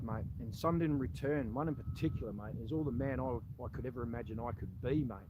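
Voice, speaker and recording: A man's voice: medium pitch, noisy background. A man with an Australian accent, a former army soldier, making a direct-to-camera appeal that confronts the listener and keeps calling him "mate".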